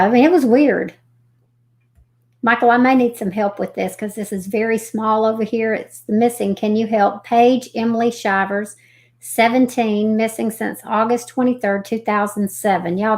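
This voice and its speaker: A woman hosting a live stream, reading missing persons reports aloud haltingly, with folksy chatty asides. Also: a little high, fairly even intonation. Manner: reads haltingly, stumbling over names and restarting.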